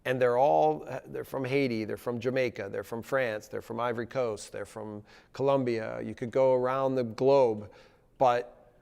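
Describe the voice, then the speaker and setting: A man from the United States, a national soccer team coach, answering in a TV news interview in an earnest, halting way with frequent restarts. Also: medium pitch, fairly even intonation, vocal fry, darkish tone, smooth, big-room sound.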